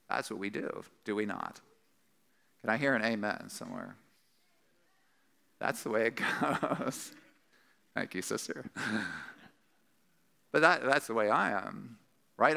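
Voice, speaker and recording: A man's voice: unhurried, creaky, long pauses. A man preaching a sermon, talking through a Bible passage and acting out the quoted voices with a lot of energy. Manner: animated, acts out quoted voices with rising pitch. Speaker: pastor.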